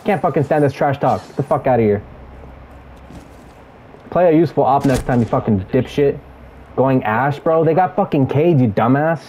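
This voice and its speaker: Give me a young man aggressively trash-talking a teammate in game chat, low mellow tone. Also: lively intonation, normal speed, pauses often, a little hiss or hum, low-quality recording. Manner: aggressive, repetitive taunting. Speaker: gamer streaming a match.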